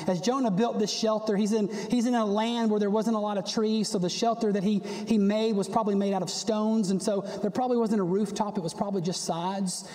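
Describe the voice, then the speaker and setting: Man preaching, high voice, mellow tone, animated, long church reverb. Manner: animated, acts out the prophet's complaints with a rising voice. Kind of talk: sermon. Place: church sanctuary.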